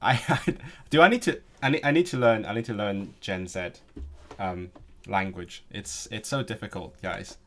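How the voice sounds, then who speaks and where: A Hong Kong man in his late twenties streams language lessons, reading viewer comments aloud in a casual live chat. His voice sits on the low side at a moderate pace, and he's chatty and joking, stammering and restarting often.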